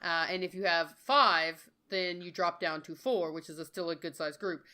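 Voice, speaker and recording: A woman's voice: on the low side, steady tone, normal speed, bright, forceful tone. A woman hosting a casual podcast chat about tabletop games, leading the talk with questions. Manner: enthusiastic, leads the discussion with questions. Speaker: podcast host and dungeon master.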